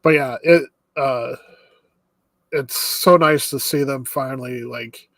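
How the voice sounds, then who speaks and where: A man of middle pitch co-hosting a podcast who walks through events in a steady, easygoing way. His voice sounds close and dry, with no room behind it. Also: no echo. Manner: steady plot recapping, measured and easygoing. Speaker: podcast co-host. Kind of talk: casual chat recapping episodes.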